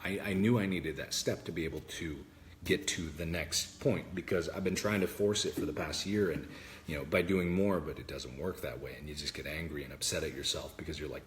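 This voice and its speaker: Low-voiced male streamer, earnest and rambling with frequent restarts; home desk mic, faint hiss. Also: a little fast. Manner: earnest, rambling, many restarts and self-corrections. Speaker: livestream host. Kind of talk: casual livestream chat. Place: room at home with his dog.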